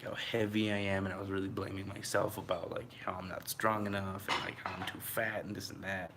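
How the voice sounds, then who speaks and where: A man's voice: low-pitched, vocal fry, noisy background. A man telling a story to his viewers in a casual, rambling way, full of fillers and a little out of breath. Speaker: vlogger.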